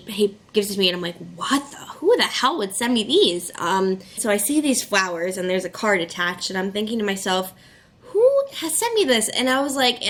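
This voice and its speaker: Young woman vlogger, casual storytime, excitable and chatty, lots of fillers, mid-range voice. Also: mid-range voice.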